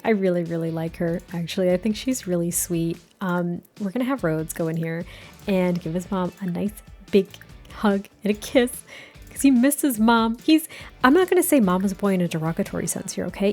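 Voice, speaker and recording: Woman game narrator, chatty and effusive, mid pitch. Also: expressive, moderate pace, a little mellow, faint music behind. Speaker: gaming content creator. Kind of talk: casual gameplay narration.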